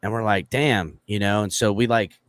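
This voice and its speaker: A man's voice: fairly low pitch, fairly even intonation, normal speed, no echo, studio quality. A man telling a long story in casual podcast chat, profane and full of fillers, acting out quoted lines in a raised voice.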